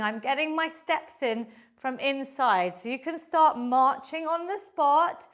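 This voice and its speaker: High-voiced woman leading a workout. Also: fairly bright tone. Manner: encouraging, coaching through moves while exercising. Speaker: fitness instructor. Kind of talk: live online workout class instruction.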